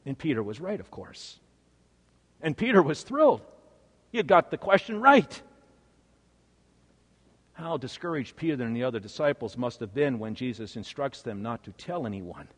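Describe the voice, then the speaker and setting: A male preacher delivering a sermon with dramatic storytelling, swinging from hushed to emphatic. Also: medium pitch, very animated, moderate pace, pauses often, slightly rough, in a large hall.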